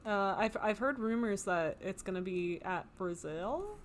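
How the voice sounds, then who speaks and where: A woman's voice: medium pitch, animated, a little slow, slight background noise. A woman co-hosting a podcast in casual chat, laid-back and jokey, with easy laughter. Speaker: podcast co-host.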